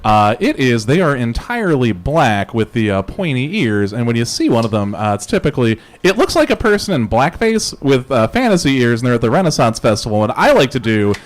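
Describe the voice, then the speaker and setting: A man's voice: mid-range voice, very animated, a little fast, hardly any pauses. A man telling a long, profane story with lots of laughs and filler as a co-host of a live comedy podcast. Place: live venue stage.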